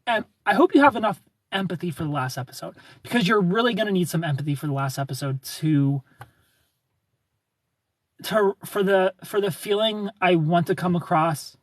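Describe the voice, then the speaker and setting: A man's voice: on the high side, unhurried, pauses often, no echo. A young man hosting a livestream, chatting casually and rambling animatedly while he reads viewer comments. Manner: animated, rambling with repeated phrases and laughs. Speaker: livestream host.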